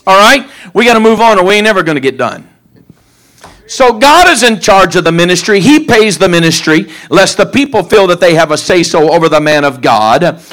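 A middle-aged pastor delivering a sermon in a slightly high-pitched voice. He tells plain, homespun stories, circling back over his own phrases with loose, informal grammar. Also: big pitch swings, a little fast, a bit bright. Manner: folksy storytelling, repeats phrases.

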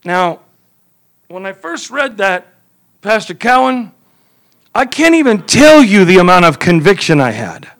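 Fervent high-voiced preacher. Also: male voice, big pitch swings, a little slow, long pauses, rough recording. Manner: fervent, repetitive, swings from shouting to quiet. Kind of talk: sermon.

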